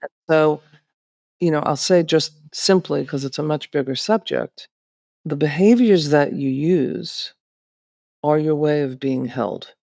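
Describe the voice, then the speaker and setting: A woman co-hosting a podcast, explaining things in a calm, reflective, therapeutic way. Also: deep voice, unhurried, gravelly, dry recording, studio quality. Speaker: podcast co-host.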